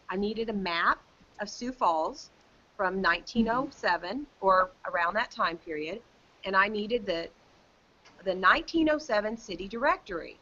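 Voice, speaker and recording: A woman's voice: medium pitch, pushed and bright. A woman, a guest author, chatting casually and rambling on a video call. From South Dakota. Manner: chatty, rambling with restarts, mimics others' voices. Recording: slightly dull lo-fi call audio.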